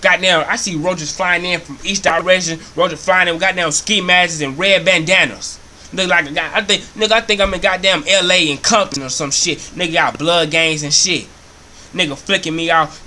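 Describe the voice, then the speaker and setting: This comedy vlogger, a young man, rants comically about his grandma's house, cursing constantly and repeating himself to land the jokes. He speaks at a moderate pace in a bright, fairly high voice with some force behind it, animated and full of profanity, over slight background noise.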